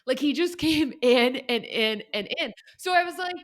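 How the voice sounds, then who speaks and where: A woman's voice: on the high side, moderate pace. A young adult woman co-hosting a podcast, telling a story in casual chat, quoting people and laughing often. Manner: animated storyteller, laughs often, quotes others. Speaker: podcast co-host.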